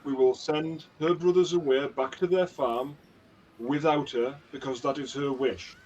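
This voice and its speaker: A man playing a tabletop game, speaking in a solemn, measured way. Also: on the high side, steady tone, a little mellow, breathy edge, recorded from a distance. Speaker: player. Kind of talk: tabletop game role-play. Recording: dull lo-fi mic with faint hiss.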